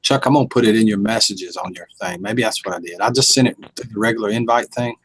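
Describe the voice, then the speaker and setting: Husky man chatting. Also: fairly low pitch, quick pace, rough recording. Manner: folksy, easygoing. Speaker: host. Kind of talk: casual chat.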